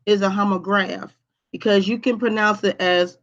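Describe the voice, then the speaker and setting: A woman's voice: medium pitch, unhurried, dull audio. Emphatic woman teacher on a livestream. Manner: repetitive, emphatic, checks in with "okay?". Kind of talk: live online class lesson.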